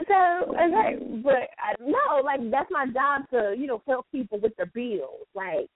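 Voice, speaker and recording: A woman's voice: high voice, noisy background. A woman with a North Carolina accent, chatting animatedly and emphatically on a talk show. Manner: animated, talks fast and emphatic. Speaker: show regular. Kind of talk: casual chat. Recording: tinny phone-line audio.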